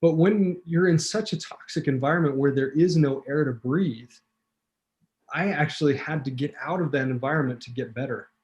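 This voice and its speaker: A man's voice: on the high side, moderate pace, lo-fi sound. A man telling a vivid personal story as a talk show guest, acting out quotes, with fillers and restarts. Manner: animated storyteller, acts out quotes.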